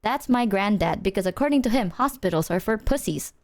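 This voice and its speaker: A woman's voice: medium pitch, lively intonation, a little fast. A woman streamer chatting casually with her viewers, telling rambling stories and swearing freely.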